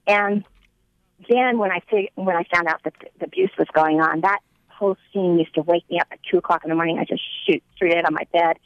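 A woman's voice: on the low side, fairly quick, no echo. Woman, earnest personal testimony, re-enacts dialogue, muffled lo-fi recording. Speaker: mother telling her story.

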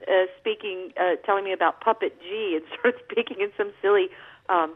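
A woman singer, a guest on a radio interview by phone, tells stories in a chatty, warm way, laughing as she goes. Her medium-pitched voice moves briskly, and the phone line sounds tinny.

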